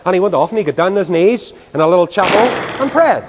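A man preaching a sermon, telling stories in an animated, dramatic way. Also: sits high, quick pace, background noise. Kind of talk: sermon storytelling. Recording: reverberant hall.

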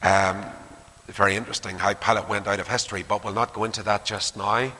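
A man preaching a sermon, animated, acting out quotes and dropping to hushed asides. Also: lowish voice, a little fast, a little hiss or hum. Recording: long hall reverb.

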